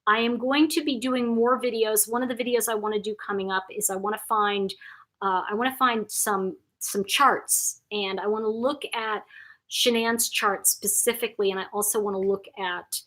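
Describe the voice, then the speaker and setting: Woman, casual live-stream host, effusive, with many restarts, mid-pitched voice. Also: fairly even intonation, moderate pace, a bit bright. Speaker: host of a live chat channel. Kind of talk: casual live-stream chat reading viewer comments.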